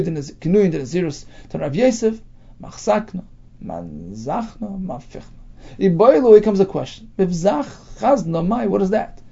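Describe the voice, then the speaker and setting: A Talmud teacher leads a daily lesson, reading phrases from the text and explaining them in plain English. His high, mellow voice has a gravelly edge and a pitch that moves a lot, on a dull, lo-fi recording.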